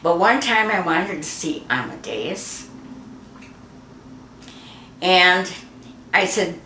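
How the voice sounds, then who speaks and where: A woman's voice: fairly low pitch, expressive, takes it slowly, pushed and bright, a little hiss or hum. An older woman being interviewed, chatting about old memories and acting out the voices in her stories. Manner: chatty, acts out quoted voices. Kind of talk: reminiscing storytelling. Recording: roomy echo.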